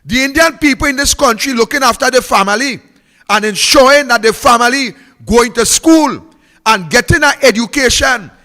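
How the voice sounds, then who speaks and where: A man's voice: extremely high pitch, moderate pace, sharp tone, in a large hall. A Trinidadian man giving a fiery, mocking political speech, repeating phrases for emphasis.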